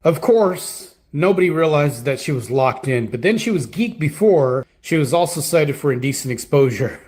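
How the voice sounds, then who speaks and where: A man's voice: on the high side, animated, normal speed, darkish tone. A man in a played clip giving dry, mocking commentary. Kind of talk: sarcastic commentary.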